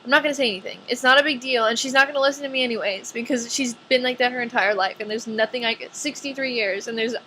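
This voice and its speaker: Bright-voiced chatty teen girl vlogger. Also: on the high side, fast, few pauses, a little hiss or hum. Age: young adult. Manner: chatty, says "like" a lot. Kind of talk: casual chat to camera.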